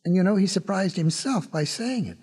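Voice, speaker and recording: A man's voice: sits high, lively intonation, a little fast, darkish tone, slightly rough. A man narrating a storybook record in a folksy way, with chatty asides to the listener.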